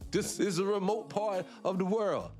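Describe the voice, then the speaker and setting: High-voiced impassioned talk show host. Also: male voice, a little mellow. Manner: impassioned, fires rhetorical questions at listeners; digresses, laughs between points. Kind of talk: livestreamed talk show monologue.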